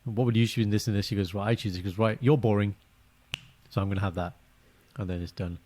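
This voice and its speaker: A young man co-hosting a casual podcast, telling animated stories and acting out quotes in a high voice. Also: quick pace. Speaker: podcast co-host. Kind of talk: casual chat.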